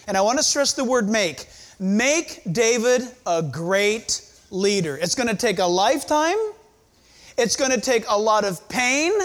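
High-pitched emphatic preaching man. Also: fairly bright tone. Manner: emphatic preaching with dramatic pauses. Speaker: pastor. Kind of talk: sermon.

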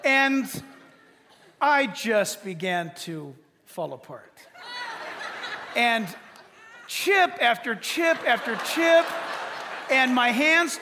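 A pastor preaching a sermon in an animated, storytelling way, speaking straight to his congregation. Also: very high voice, takes it slowly, pauses often, in a large hall, noisy background.

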